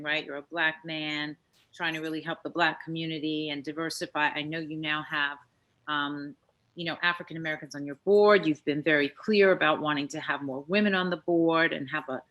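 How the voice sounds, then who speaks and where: A woman's voice: sits low, a bit bright. A woman interviewer asking long, thoughtful questions with frequent fillers. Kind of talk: interview conversation.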